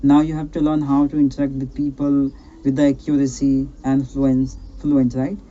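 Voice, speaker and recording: An English speaking coach with a warm, monotone, medium-pitched voice talks at a moderate pace on a muffled recording. He encourages his learner in a casual call, repeating himself and often checking in with "right?" or "you know".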